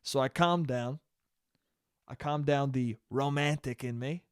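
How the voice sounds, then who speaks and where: A young man hosting a solo podcast, telling a story in a profane, animated way and breaking into laughter. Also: medium pitch, measured pace, smooth, dry recording, studio quality. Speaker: podcast host. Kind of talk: casual solo podcast monologue.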